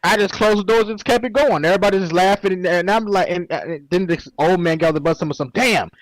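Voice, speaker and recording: Young man, high voice, dry close sound, animated slangy storytelling, co-host. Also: fast, no echo, rough recording. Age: 20s. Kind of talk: casual storytelling. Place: Second Life voice chat.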